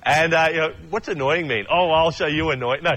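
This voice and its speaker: A young adult man gives a relaxed, conversational sermon, with a voice sitting a little higher than most men's. He tells stories in a chatty way and slips into quick voices for the people in them. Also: rough recording. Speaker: pastor. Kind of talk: casual sermon.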